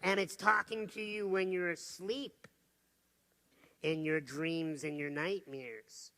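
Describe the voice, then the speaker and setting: Gravelly motivational speaker, bright voice. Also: male voice, on the high side, fairly even intonation, takes it slowly, slight background noise. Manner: storytelling, asks the audience questions. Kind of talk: motivational talk to a live audience.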